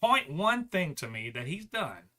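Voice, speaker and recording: A man talking on a casual podcast, his pitch jumping all over as he rants and swears. He keeps restarting his sentences, and his voice has a bright, forceful edge. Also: measured pace. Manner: animated, profane ranting with frequent restarts. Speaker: podcast co-host.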